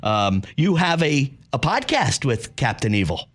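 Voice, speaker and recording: A man hosting a podcast, chatting casually with his guest and giving quick agreeing replies. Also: mid-range voice, big pitch swings, a bit bright, breathy edge. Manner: friendly, quick affirmations, restarts. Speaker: podcast host. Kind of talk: casual interview chat.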